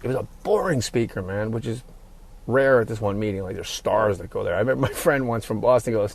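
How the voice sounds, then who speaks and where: A man's voice: on the low side, quick pace, creaky. A middle-aged man hosting his podcast alone, rambling and ad-libbing in a profane, casual monologue. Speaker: podcast host.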